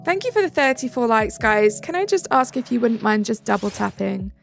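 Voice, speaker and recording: A woman's voice: a little high, very animated, a little fast, gravelly. A young woman from England, live streaming and chatting back to viewer comments in a casual way. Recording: faint music behind.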